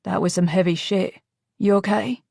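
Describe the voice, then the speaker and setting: A woman's voice: mid-range voice, fairly even intonation, moderate pace, creaky, no echo, clean studio sound. A woman reading the lines of a worried male coworker in an audiobook, sounding urgent and concerned. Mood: steady. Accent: Australian, as written. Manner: urgent, then softening. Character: worried man, coworker of the heroine.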